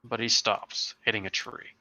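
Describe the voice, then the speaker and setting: A man narrating as game master in a tabletop game, setting scenes slowly and descriptively. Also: lowish voice, steady tone, bright, forceful tone.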